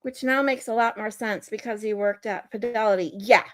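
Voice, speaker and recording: A woman running a casual livestream reads viewer comments aloud and responds with exasperated ranting, reacting to the chat. Her voice sits in the mid range and she talks at a normal speed.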